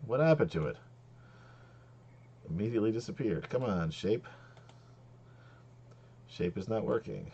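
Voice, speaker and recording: A man acting as game master, talking casually in a halting way with many restarts. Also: lowish voice, lively intonation, mellow, breathy edge, highs cut off. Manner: halting, lots of ums and restarts. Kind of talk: running a tabletop game, casual.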